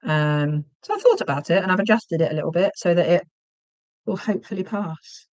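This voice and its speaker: A woman hosting a casual livestream while she crochets. She chats, gets sidetracked, and counts her stitches out loud. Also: lowish voice, brisk, no room sound, highs cut off. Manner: chatty and easily sidetracked, counts stitches aloud. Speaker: livestream host.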